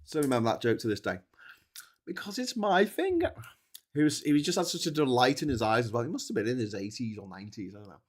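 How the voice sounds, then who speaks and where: Brief: tired man, rambling livestream host, chatty, mid pitch. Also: very fast, hardly any pauses. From Liverpool. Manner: rambling, chatty, full of fillers. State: tired from staying awake. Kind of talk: casual livestream chat.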